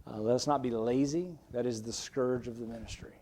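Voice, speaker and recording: A man preaching as a pastor in a church, earnest and conversational, moving between emphatic bursts and quiet asides. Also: mid-range voice, steady tone, brisk. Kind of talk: sermon. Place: church sanctuary.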